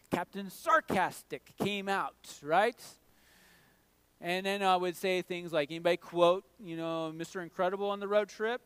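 A man's voice: sits high, fairly even intonation, moderate pace, fairly bright tone, smooth, dry recording. A middle-aged man preaching a sermon in a conversational way, often checking in with "all right?". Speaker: pastor.

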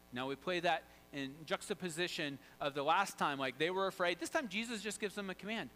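A pastor preaching a sermon, animated, swinging from loud to hushed and quizzing the congregation. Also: male voice, high voice, a little fast, few pauses, poor audio.

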